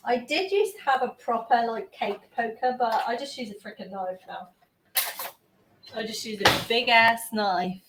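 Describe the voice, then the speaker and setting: A young woman chatting to her live-stream viewers as she bakes in her kitchen, excitable and sweary, often drifting away from the mic. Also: on the high side, measured pace, heavy background noise. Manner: chatty, sweary and excitable, talking to chat while baking. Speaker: baking livestreamer. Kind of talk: casual live-stream chat. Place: home kitchen. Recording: echoey kitchen with faint ambience.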